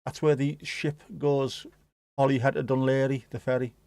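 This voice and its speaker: A man's voice: medium pitch, level tone, moderate pace, darkish tone, no room sound. Chatty man hosting a casual livestream. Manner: chatty, musing aloud, answering viewers. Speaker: livestream host.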